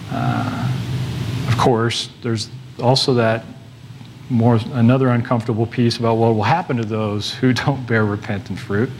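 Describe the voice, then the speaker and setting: Guy giving a sermon, chatty and halting, lots of restarts, middling pitch, bit of faint noise behind. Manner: conversational, halting with many restarts and fillers. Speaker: preacher.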